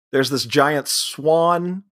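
A man's voice: a little high, fairly bright tone. Man casually recapping a comedy film. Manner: laughs often, acts out quoted lines in funny voices. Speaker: podcast co-host. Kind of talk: casual movie recap chat.

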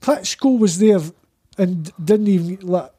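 A Scottish man, a podcast guest, telling one rambling, excited anecdote after another in casual chat. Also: sits high, unhurried, breathy edge.

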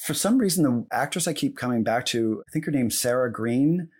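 A man speaking as an author guest in a relaxed, chuckling podcast interview. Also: mid-range voice, a little fast. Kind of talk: casual interview chat.

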